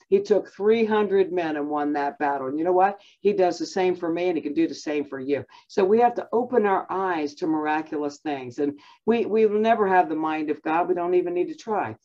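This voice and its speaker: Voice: mid-range voice, fairly quick, few pauses, mellow, muffled recording. A Bible teacher giving a conversational lesson, talking in a chatty way with many fillers and self-restarts.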